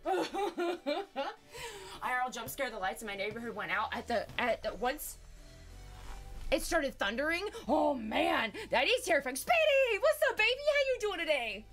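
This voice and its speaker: A woman's voice: sits high, expressive, moderate pace, a bit bright, soft background music. A woman streamer, chatting casually and giggling as she greets viewers one by one. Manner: bubbly, giggly, greets viewers as baby and dude.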